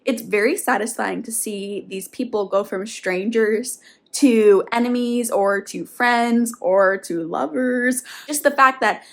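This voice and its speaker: A young woman in her twenties chats through a casual reading vlog. She talks fast and excitedly. Her voice sits a little higher than most. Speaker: book vlogger.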